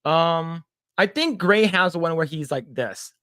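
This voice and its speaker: A man's voice: a little high, lively intonation, takes it slowly, a bit bright, no room sound, studio quality. A man co-hosting a casual livestream, stammering and repeating words as he reads the chat aloud. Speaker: podcast co-host.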